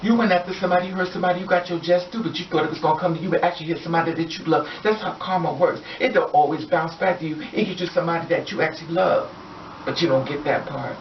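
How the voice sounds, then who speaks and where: A woman's voice: lowish voice, rapid-fire, recorded from a distance, a little hiss or hum. A woman vlogger delivering an angry, blunt, profane rant straight to her viewers. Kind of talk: impassioned rant to camera. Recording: echoey room, off mic, dull lo-fi sound.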